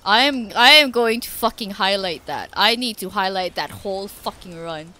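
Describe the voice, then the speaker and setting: A woman streaming a game, laughing and swearing in breathless excitement. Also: medium pitch, normal speed. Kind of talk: excited gaming stream chat.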